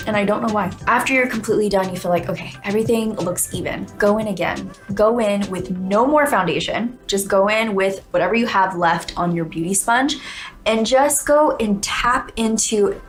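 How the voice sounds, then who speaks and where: A woman presenting a makeup tutorial, explaining each step calmly and clearly. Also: mid-range voice, moderate pace, faint music behind. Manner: calm, step-by-step instructing. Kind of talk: instructional how-to.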